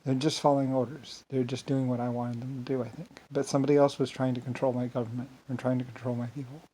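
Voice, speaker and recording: Man of ordinary pitch, solo unscripted monologue; grandiose, wandering, circles back on himself. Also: little pitch movement, quick pace, dark tone, slight background noise. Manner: grandiose, meandering, repeats himself. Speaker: solo speaker.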